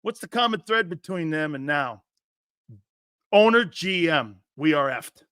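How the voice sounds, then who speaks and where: A man doing crude, sarcastic sports talk, mimicking others in jeering voices and laughing often, swinging between loud outbursts and low mutters. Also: animated, a little slow, smooth, dry recording, studio quality. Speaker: sports commentator.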